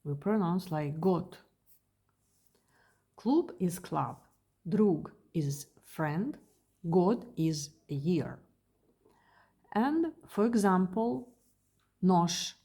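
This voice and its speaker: Russian accented woman teaching beginners, says every word twice, low dark husky voice. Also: expressive. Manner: slow, repeats each word carefully. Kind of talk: slow beginner language lesson.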